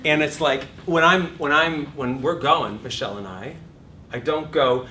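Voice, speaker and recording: A middle-aged man teaching an acting class in a lively, profane manner, acting out shouted examples. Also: a little fast. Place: classroom or studio. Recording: distant room recording with background rumble.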